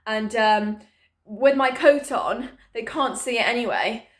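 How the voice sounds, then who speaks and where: A woman's voice: a little high, measured pace. A young woman telling funny childhood stories on her vlog, chatty and sweary, with jokey asides, recorded on a camera mic in a room at home. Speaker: vlogger. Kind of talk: casual storytime chat. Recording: echoey room.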